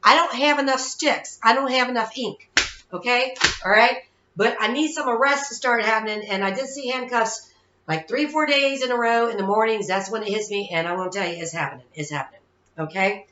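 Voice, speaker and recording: A woman's voice: a little high, brisk, pushed and bright, a little hiss or hum. A woman in her thirties hosting as a psychic-medium, talking casually and rambling, often checking in with "okay?". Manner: chatty, rambling, keeps asking "okay?". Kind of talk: casual monologue to viewers. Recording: echoey room, dull lo-fi sound.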